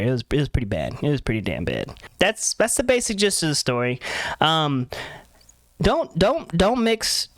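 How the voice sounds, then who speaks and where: A man's voice: a little high, no echo. A young man telling a story in a casual, rambling way, laughing often and acting out quotes of himself and others. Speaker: vlogger.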